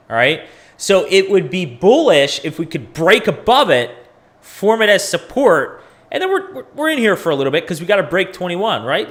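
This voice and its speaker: A man's voice: on the high side, fairly bright tone. A man hosting a casual livestream, chatting with viewers and thinking aloud as he walks through price charts. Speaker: crypto livestream host.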